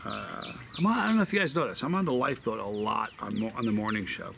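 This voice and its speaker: A man's voice: on the low side, fast, vocal fry, background noise. A man reviewing hot sauce outdoors, talking in a rambling, chatty way with lots of fillers. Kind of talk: casual outdoor video review. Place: outdoors in a desert backyard with birds.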